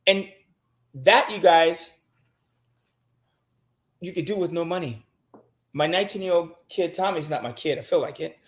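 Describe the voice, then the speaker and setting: A man's voice: on the high side, unhurried, long pauses, echoey room. A man giving casual credit advice as a guest, talking bluntly, emphatically and with plenty of cursing.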